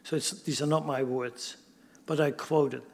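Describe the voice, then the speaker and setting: A man preaching a sermon, swinging from loud emphatic bursts down to near-whispers. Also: a little high, steady tone, unhurried, creaky, big-room sound. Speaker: pastor.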